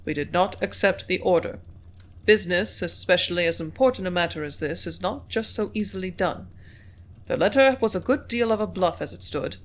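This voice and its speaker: A reader voicing a calm company manager. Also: medium pitch, brisk, lightly acted. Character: business-minded company manager, man.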